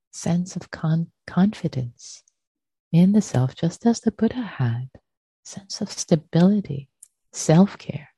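A woman with a low, breathy voice gives a gentle dharma talk at an unhurried pace. She repeats phrases softly, like a meditation teacher. The sound is dry and close. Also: dry recording.

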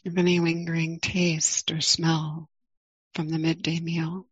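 A middle-aged woman leading a guided meditation, speaking calmly and gently with long pauses. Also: sits low, breathy edge, no room sound, muffled recording. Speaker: meditation teacher.

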